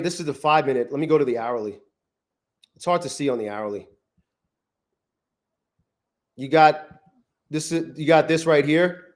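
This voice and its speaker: A man streaming his futures trades live from his garage, thinking aloud and swearing often, swinging from flat muttering to loud gloating. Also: a little high. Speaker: trading livestreamer. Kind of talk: live trading stream commentary. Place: home garage.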